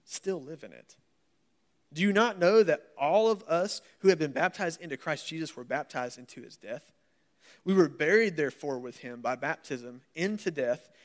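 Male pastor, sermon, folksy and animated, slightly higher voice. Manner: folksy, animated and joking, reading scripture aloud. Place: church service.

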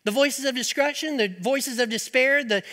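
A man preaching an earnest sermon, moving between emphatic and softer passages, in a reverberant hall. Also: very high-pitched, moderate pace. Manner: earnest, rising to emphatic then dropping soft.

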